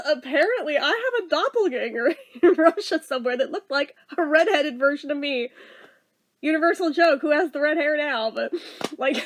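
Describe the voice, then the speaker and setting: Woman, thirties, high voice, casual vlogger who tells a rambling story with lots of swearing. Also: expressive, moderate pace. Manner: chatty, exasperated, swears and laughs often.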